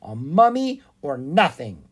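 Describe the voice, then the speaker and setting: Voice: mid-range voice, big pitch swings, slow pace, breathy edge, heavily acted. A storybook reader voicing a grumpy, stubborn little boy. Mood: sulky. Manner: sulky, stubborn. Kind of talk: storybook read-aloud.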